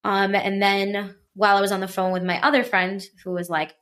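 A woman's voice: medium pitch, level tone, a little fast, few pauses, a bit bright. A woman telling a personal story in casual chat, acting out quoted voices with animation. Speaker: guest.

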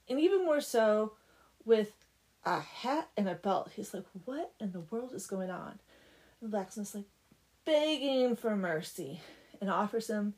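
A woman's voice: medium pitch, rough recording. A woman casually retelling a folk tale, chatty and full of "like". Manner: chatty, peppered with "like". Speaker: storyteller.

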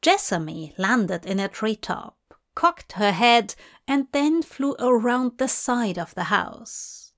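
A woman narrating a fan fiction story aloud in a deliberate reading manner. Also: fairly high pitch, fairly bright tone. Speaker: fanfiction reader.

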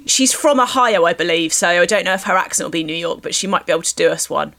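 A woman hosting a podcast in casual chat, self-deprecating and quick to laugh. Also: fairly low pitch, expressive, gravelly, pushed and bright. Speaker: podcast host.

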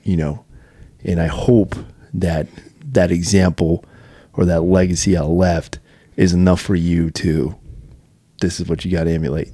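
A man's voice: deep voice, level tone, a little slow, warm tone, slightly rough, no echo, studio quality. A man in his thirties, a podcast co-host in casual chat, earnest and reflective with many "you know" fillers.

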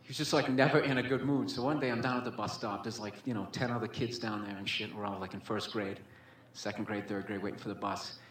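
On a comedy club stage, a man rambles through a stand-up story with nonstop fillers and swearing, talking fast with hardly any pauses. His voice is lowish, fairly bright, and fairly even in intonation. The room is echoey, with faint ambience and slight background noise.

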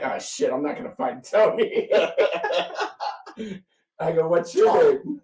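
A man co-hosting a casual chat, telling a story in a wry, deadpan way with frequent laughs. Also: fairly high pitch, takes it slowly, pauses often, distant mic. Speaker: podcast co-host. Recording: echoey room, voice off-mic.

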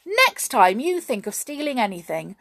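A woman's voice: on the high side, big pitch swings, normal speed, gravelly, fairly bright tone, voice pushed up, full character voice. A woman voicing a stern, fat little man who gives firm, commanding orders.

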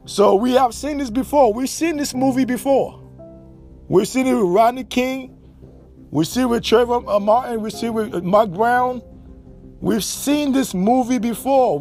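Emphatic high-voiced man on a podcast. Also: darkish tone. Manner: emphatic, repeats key phrases for stress. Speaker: podcast host. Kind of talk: impassioned political commentary.

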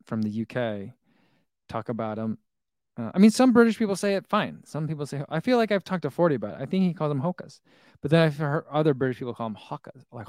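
A man's voice: mid-range voice, darkish tone, no room sound, studio quality. A man in his thirties chatting casually on a live stream, reading viewer comments aloud, rambling and chuckling. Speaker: running shoe vlogger reading live chat.

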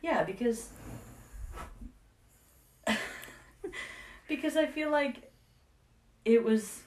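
A woman's voice: fairly high pitch, expressive, very slow, darkish tone, slight background noise. A woman podcast co-host chatting enthusiastically, rambling with many fillers. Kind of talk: casual chat. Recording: roomy, distant mic.

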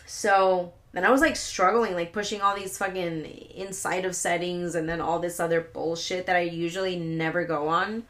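A woman's voice: lowish voice, steady tone, moderate pace, hardly any pauses, a bit bright. A young woman hosting a solo podcast, telling rambling stories with lots of swearing and laughing asides. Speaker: podcast host. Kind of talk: casual solo podcast storytelling.

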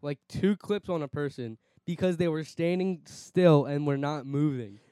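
A man's voice: on the high side, normal speed, mellow, smooth, no room sound. Defensive young man in casual banter. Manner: defensive, protesting. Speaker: podcast co-host.

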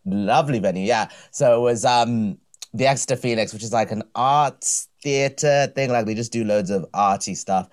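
A man guesting on a casual comedy podcast, easygoing and quick to laugh. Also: medium pitch.

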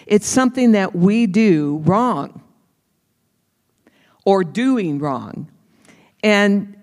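A preacher delivering a sermon at an unhurried pace, leaning on key words and repeating them for emphasis. The voice calls out to the listeners directly. It rings with a long hall reverb. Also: mid-range voice.

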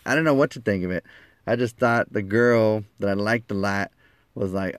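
A man telling a personal story in a lively way, acting out the quoted lines and laughing at himself. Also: lowish voice, normal speed, smooth, dry recording, clean studio sound.

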